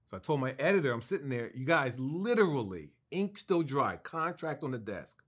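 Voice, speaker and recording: Man, interview guest, animated anecdote, stumbles and laughs, mid-range voice. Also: medium pitch, moderate pace, slightly rough. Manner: animated, enthusiastic storytelling with restarts and laughs.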